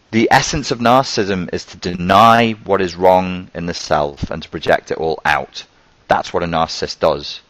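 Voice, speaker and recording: A man explaining a topic in casual talk, thoughtful and halting, often pausing to search for words. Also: sits low, a bit bright, no room sound, poor audio.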